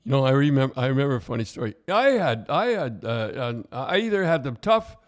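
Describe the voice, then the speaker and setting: A man's voice: medium pitch, big pitch swings, fairly quick. Older man, podcast co-host, casual chat, rambling storyteller who keeps restarting his sentences. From Canada. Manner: rambling storyteller, frequent restarts, laughs at his own stories. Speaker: podcast co-host, former hockey coach.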